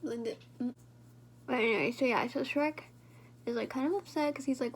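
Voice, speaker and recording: High-voiced chatty woman vlogger. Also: normal speed, pauses often, slightly rough. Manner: rambling, talks to viewers directly. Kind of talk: casual chat while doing makeup.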